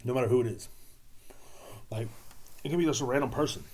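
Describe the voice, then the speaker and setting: Rambling, profane man with a mellow voice. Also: mid-range voice, quick pace. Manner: profane, rambling, sarcastic, with frequent fillers. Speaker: podcast host. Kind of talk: rambling solo podcast monologue.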